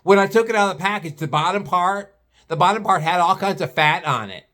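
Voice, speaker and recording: A man's voice: sits high, expressive, a little fast, bright, forceful tone, voice pushed up. A man voicing a demanding, irate woman customer who complains indignantly.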